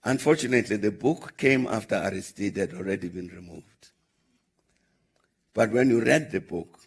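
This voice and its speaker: An older South African man telling a long anecdote at a question-and-answer session, measured and pausing often with "uh" as he recounts conversations. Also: fairly low pitch. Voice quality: gravelly, husky. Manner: measured, recounting dialogue with frequent "uh" pauses. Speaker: former head of state answering questions. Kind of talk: anecdotal storytelling in a Q&A.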